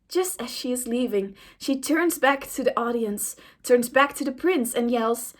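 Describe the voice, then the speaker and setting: A woman's voice: fairly high pitch, normal speed, few pauses, a bit bright. A young woman and YouTuber reading an AI-written story aloud in a casual, amused way.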